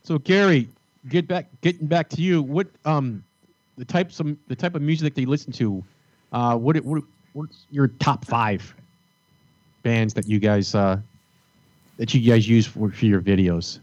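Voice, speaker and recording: A man's voice: mid-range voice, measured pace, darkish tone, no room sound. A man hosting a podcast, talking in a playful, joking way and teasing his guests. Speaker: podcast host. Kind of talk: casual podcast chat. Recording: dry, dull lo-fi audio.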